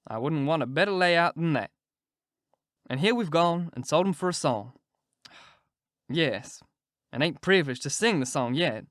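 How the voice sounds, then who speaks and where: A man's voice: fairly high pitch, a bit bright, no room sound, studio quality. A man voicing a scheming male con man posing as a duke, drawling and chuckling in a storybook reading.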